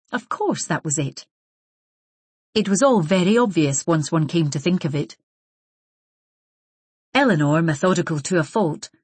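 A woman reads a novel aloud in a measured, even manner. Her voice sits low with a husky, breathy grain, and the recording is dry and close. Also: no room sound. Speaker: audiobook narrator. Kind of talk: scripted narration.

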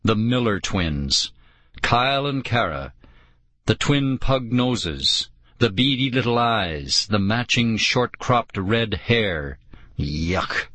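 A man narrating a children's audiobook at an unhurried pace, his low voice bright and forward, with a lively, swinging pitch. The sound is dry and close, with no room around it. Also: no echo. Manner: expressive, with voices for each character. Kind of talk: scripted narration.

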